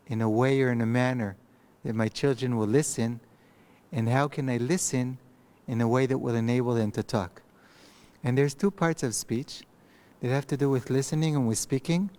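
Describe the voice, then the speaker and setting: A man's voice: mid-range voice, steady tone, darkish tone. Man, mid-range voice, rabbi lecturing to a mic, reflective and informal. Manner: thoughtful, conversational, with pauses and restarts. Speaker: rabbi teaching a text class. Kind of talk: recorded online lecture. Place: empty study hall. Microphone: microphone.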